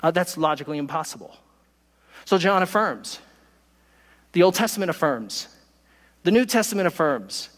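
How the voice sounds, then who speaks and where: A man preaching a sermon as pastor, emphatic, speeding through asides and slowing down to stress key words. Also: a little high, animated, a bit bright, in a large hall. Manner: emphatic preaching, pace shifting from quick asides to slow stresses.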